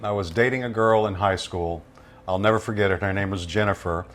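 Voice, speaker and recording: Fairly quick and lowish, this man's voice carries a little hiss or hum. As a guest in a casual interview, the radio voice-over veteran spins relaxed stories from his career, performing quoted voices along the way.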